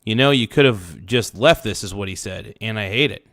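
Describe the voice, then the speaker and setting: A man's voice: fairly low pitch, normal speed, fairly bright tone, dry recording, clean studio sound. A man streaming an angry rant, reading out messages and swearing heatedly. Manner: heated, profane, reads messages aloud and rants.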